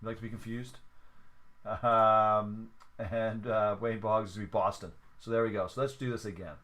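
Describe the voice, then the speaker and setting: This man speaks at a moderate pace in a fairly low, slightly bright voice with fairly even intonation. He's hosting a sports card break livestream, chatting casually, counting steps out loud and apologizing whenever he slips up.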